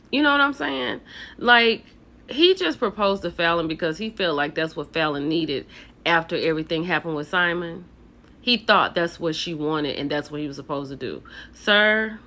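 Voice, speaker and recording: A woman's voice: lowish voice, bright, forceful tone. A woman hosting a casual reality TV recap, chatty and opinionated, talking straight to her viewers.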